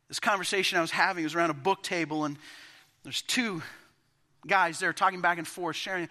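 Male pastor preaching, high bright voice, emphatic swells, church hall reverb. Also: fairly even intonation, fairly quick. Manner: impassioned, building to emphatic peaks, with quiet asides. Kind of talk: sermon. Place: church sanctuary.

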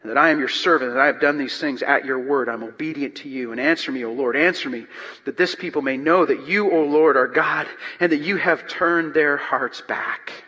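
A man preaching a sermon, reading scripture aloud and explaining it, swinging from loud emphatic reading to quiet asides. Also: on the high side, moderate pace, husky, highs cut off. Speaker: pastor. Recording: long reverb of a large hall.

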